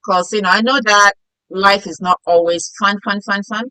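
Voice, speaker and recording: A bright, forceful middle-aged woman from Africa hosts a casual interview chat. She is playful and quick to laugh, and sometimes acts out the voices of people in her stories. Her voice is recorded close and dry, with no room echo. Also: mid-range voice, steady tone, smooth. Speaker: host.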